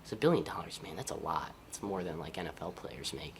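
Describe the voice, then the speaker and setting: A high school senior football player from Ohio with an Ohio accent, answering interview questions in an easygoing, upbeat way. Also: male voice, animated, quick pace, creaky, a little hiss or hum. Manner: upbeat, easygoing, laughs often.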